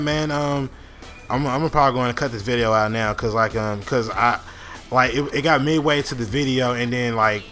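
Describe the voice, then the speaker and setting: A man's voice: on the low side, sharp tone. Rambling young man telling a story. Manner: rambling, many fillers and restarts, frequent profanity. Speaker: gaming channel host. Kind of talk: casual storytime over gameplay.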